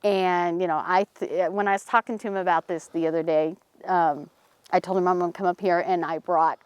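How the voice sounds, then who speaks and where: A paranormal team member relates a local story outdoors in a cemetery, casual and animated, pitching up for the voices she quotes. Her voice is clear and resonant and her pace fairly quick; there's no room sound, though the audio is dull.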